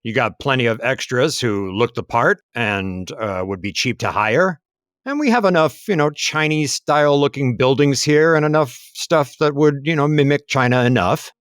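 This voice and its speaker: A man's voice: medium pitch, animated, moderate pace, fairly bright tone, no room sound, clean studio sound. Man musing in a casual podcast chat. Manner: conversational, musing, frequent fillers. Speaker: podcast co-host. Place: lives in Taiwan.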